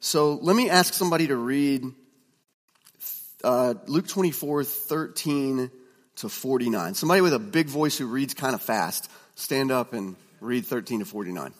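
A man teaches a room full of students in a conversational, story-driven way, stumbling over restarts and fillers. His voice sits at a middle pitch. It carries a long reverb from a large hall. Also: moderate pace. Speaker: preaching instructor. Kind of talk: classroom teaching talk.

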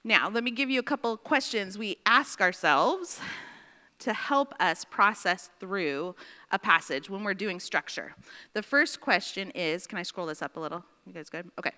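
A woman teaching a Bible study class, dictating slowly with repeated phrases and checking in with her listeners. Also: mid-range voice, animated, bright, forceful tone. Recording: long reverb in a large room.

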